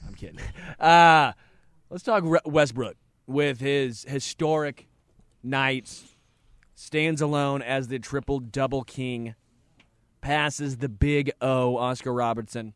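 A man co-hosting sports talk radio from a studio, with a middle-pitched voice. He jokes and teases his partner between quick opinions. The sound is dry and close on the studio mic. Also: steady tone, clear, resonant tone, dry recording. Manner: joking, teasing, quick opinions.

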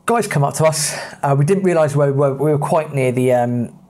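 A man's voice: on the high side, brisk, darkish tone. A man from England with an English accent, a podcast host telling travel anecdotes in a chatty way with plenty of fillers. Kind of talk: casual travel storytelling.

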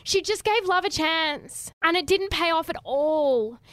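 A woman co-hosting a reality TV recap podcast, talking in animated, sarcastic bursts. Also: extremely high pitch, measured pace, dry recording, clean studio sound. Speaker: podcast co-host. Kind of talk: casual chat.

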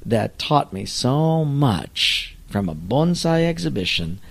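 A man who is a pastor, telling an anecdote in an animated storytelling manner. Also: medium pitch, slow pace, creaky, a little hiss or hum. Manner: animated, lively storyteller acting out voices.

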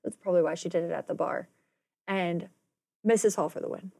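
A woman's voice: fairly low pitch, brisk, vocal fry, darkish tone, no echo, clean studio sound. A woman co-hosting a podcast, chatting casually and rambling through a recap with side notes and acted-out quotes. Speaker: podcast co-host.

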